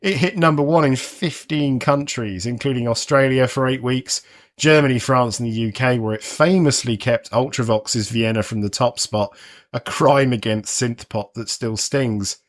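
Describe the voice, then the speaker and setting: A man's voice: mid-range voice, normal speed. A man in his forties hosting a music podcast, reading a scripted narration with wry, sardonic asides. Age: 40s. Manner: wry, conversational commentary with a sardonic edge.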